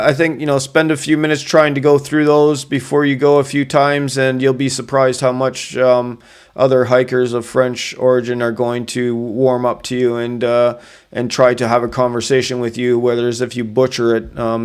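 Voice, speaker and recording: A Canadian man talking in a casual explainer vlog, carefully sounding out place names with many pauses and fillers. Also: medium pitch, clean tone. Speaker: solo hiker sharing advice.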